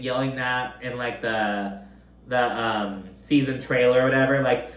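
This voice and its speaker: A man's voice: medium pitch, normal speed, fairly bright tone. Profane, gossipy man recapping TV. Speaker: recap commentator. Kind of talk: casual reality-TV recap commentary. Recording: echoey room.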